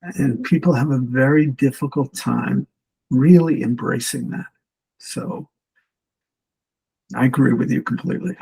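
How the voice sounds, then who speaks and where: Male podcast guest, raspy and gravelly, earnest storyteller. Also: mid-range voice, a little slow, pauses often, warm tone, low-quality recording. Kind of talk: storytelling in casual conversation.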